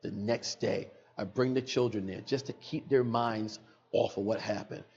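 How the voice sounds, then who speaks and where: A man's voice: lowish voice, steady tone, normal speed, darkish tone, breathy edge, muffled recording. A middle-aged man, a podcast guest, telling an emotional personal story in earnest, repeating phrases for emphasis, recorded in a studio.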